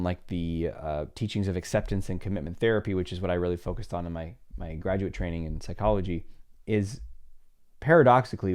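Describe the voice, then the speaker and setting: A man's voice: low voice, a little mellow, smooth. A middle-aged man hosting a solo advice podcast as a psychologist, talking animatedly and acting out little dialogues in different voices.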